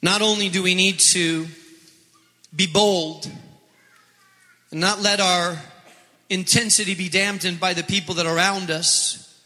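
A man's voice: high-pitched, steady tone, a little slow, pauses often, bright, forceful tone. A man preaching a sermon as pastor, impassioned and repeating his phrases. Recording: long echo of a large hall.

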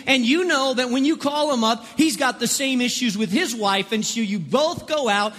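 High-voiced man preaching in a reverberant hall. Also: animated, moderate pace, few pauses, fairly bright tone, faint music behind. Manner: preachy, repeats words in bursts, acts out quoted voices. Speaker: pastor. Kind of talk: sermon.

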